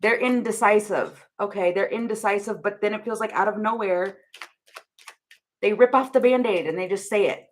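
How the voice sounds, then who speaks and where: A woman's voice: mid-range voice, moderate pace, a little hiss or hum. A young woman giving a casual tarot reading to camera, rambling and laughing often as she thinks aloud. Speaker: tarot reader.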